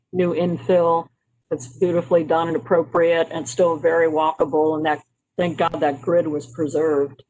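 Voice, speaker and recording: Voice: mid-range voice, slight background noise, rough recording. A presenter from Maryland walking a county committee through slides in a conversational way, with frequent um and uh fillers and restarts. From Maryland, United States. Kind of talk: informal slide presentation on urban history.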